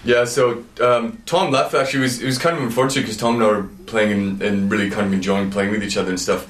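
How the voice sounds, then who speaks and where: A young man from Canada with a fairly low voice, telling an anecdote in an easy, rambling manner. He chuckles now and then as he talks. The room gives his voice a noticeable echo. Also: fairly even intonation, quick pace. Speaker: guitarist and interview guest. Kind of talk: casual storytelling interview.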